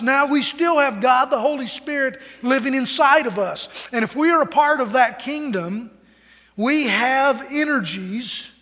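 A man's voice: very high-pitched, sharp tone, long reverb tail. A man preaching a sermon to his congregation in a conversational way, often repeating words as he starts a phrase. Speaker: pastor. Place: church sanctuary.

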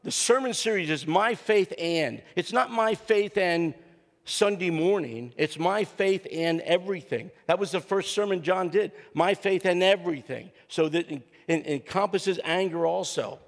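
The voice is high-pitched and gravelly at a normal pace: an older guest preacher and counselor giving a funny, relaxed sermon. He tells stories and acts out quotes, recorded in a church sanctuary with long hall reverb.

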